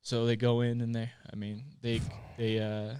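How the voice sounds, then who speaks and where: A man in his late twenties, a podcast guest telling a personal story in a candid, plainspoken way. His voice is smooth and resonant, with a flat, even delivery, recorded dry and close. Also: mid-range voice, normal speed, no echo. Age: late 20s. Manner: candid and plainspoken, with frequent swearing and fillers. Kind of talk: personal storytelling in casual conversation.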